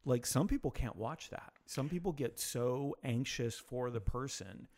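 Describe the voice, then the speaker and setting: A man's voice: medium pitch, lively intonation, measured pace, a little mellow. A man co-hosting a casual podcast chat, wry and self-deprecating. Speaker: podcast co-host.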